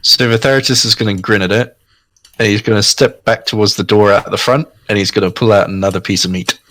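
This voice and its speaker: A player in a tabletop game, calmly describing a character's actions. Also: deep voice, fast, poor audio.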